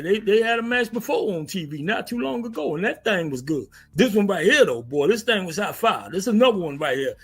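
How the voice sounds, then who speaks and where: A man hosting a casual, animated wrestling recap, stammering and repeating himself as he talks. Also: fairly high pitch, breathy edge. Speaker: wrestling commentary host.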